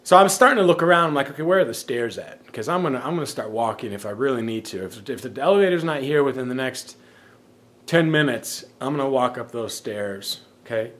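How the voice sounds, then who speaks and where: A man telling everyday stories in a casual vlog, rambling and self-amused, often laughing at his own jokes and trailing off softly at the ends of thoughts. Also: mid-range voice, expressive, a little fast. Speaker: vlogger.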